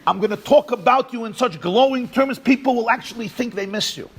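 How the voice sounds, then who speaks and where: A man voicing a sly rabbi who pitches eulogy packages in a dry, matter-of-fact way in a told joke. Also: fairly quick.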